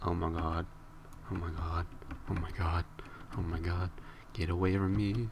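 A man's voice: fairly even intonation, takes it slowly, pauses often, sharp tone, husky. A young man streaming a video game live, joking with chat and shrieking in mock fear when cornered. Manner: playful, jokey, squeals high when scared in the game.

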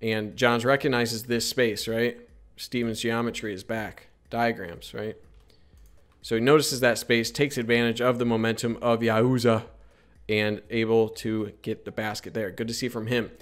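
A man narrating basketball highlights in a casual voice-over breakdown, chatty and often tagging his points with "right?". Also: steady tone, unhurried.

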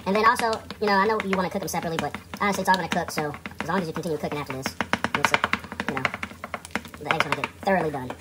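A man's voice: fairly high pitch, racing, loud music behind the voice. A man hosting a casual cooking vlog in his home kitchen, joking and talking straight to viewers. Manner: jokey, laid-back, talks straight to viewers. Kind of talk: casual cooking demo chat.

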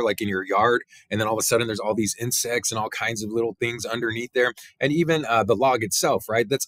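A male teacher giving a relaxed biology lecture, talking through slides with many fillers and "right?" tags. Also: on the low side, no room sound. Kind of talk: recorded classroom lecture.

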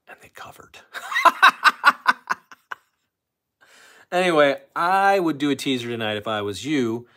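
A man's voice: mid-range voice, fairly bright tone. A man hosting a casual solo live stream, rambling along and reading out viewers' comments. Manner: rambling, chatty, reads out chat comments.

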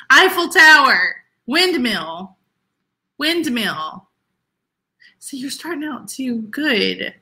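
A chatty woman hosts a live stream, her voice bright and a touch high. Her pitch swings widely as she teases her co-hosts and reads out comments. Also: very animated, extremely slow, long pauses. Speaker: co-host of live resale show. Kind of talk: casual live-stream chat.

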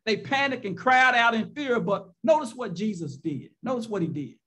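A man's voice: high voice, expressive, normal speed, pushed and bright, slightly rough. A man preaching a sermon as pastor, building his points with rhetorical questions and repeated phrases, sometimes stretching words out for emphasis.

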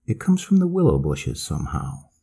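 A brooding male Swedish traveler, played by a man in a story reading, speaks with ominous unease. His voice sits low and dark with a husky edge. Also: wildly swooping pitch, normal speed, full character voice. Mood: uneasy.

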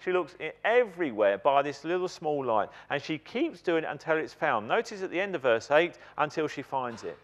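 A man preaching a sermon in a church, emphatic and animated, putting questions to the congregation. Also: on the high side, brisk, few pauses.

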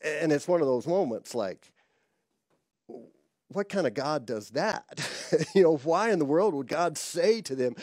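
A man's voice: a little high, expressive, unhurried, pauses often, darkish tone, no echo, clean studio sound. A man preaching a conversational sermon, laughing now and then and acting out quoted dialogue. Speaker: pastor.

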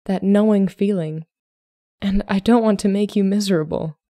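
An earnest young Regency lady, proud of her instincts and anxious underneath, voiced by a woman narrator. Her voice lifts higher than the narration, with a mellow, dry closeness. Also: a little slow, no room sound, lightly acted.

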